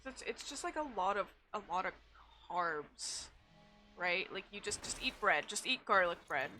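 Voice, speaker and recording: A woman's voice: mid-range voice, lively intonation, normal speed, bright, forceful tone, soft background music. A young woman streaming a game, chatting casually in a blunt, rambling way with frequent swearing. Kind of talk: casual chat while gaming.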